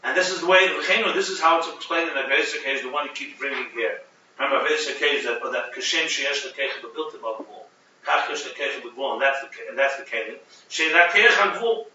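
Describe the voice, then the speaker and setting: A man teaching a Chassidic text class, explaining with animated restarts and Hebrew terms. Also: mid-range voice, a little fast, a little hiss or hum. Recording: muffled, echoey room, from a distance.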